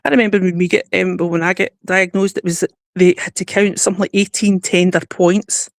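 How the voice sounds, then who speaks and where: A woman's voice: fairly low pitch, fairly even intonation, no echo. Chatty Glasgow woman, dry close sound. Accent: Glasgow Scottish. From Scotland. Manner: chatty, laughs often, quick rambling stories. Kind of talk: casual chat.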